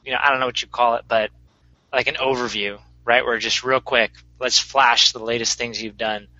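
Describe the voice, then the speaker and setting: A man's voice: medium pitch, bright, forceful tone, no room sound, lo-fi sound. A man chatting casually as a podcast co-host, talking through an idea thoughtfully with fillers. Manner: thoughtful, explains ideas at length with fillers. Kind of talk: casual chat.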